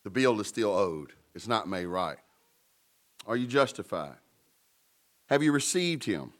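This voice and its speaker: A man's voice: lowish voice, very animated, unhurried. A man preaching a sermon in a conversational way, with playful asides and emphatic peaks. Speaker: pastor.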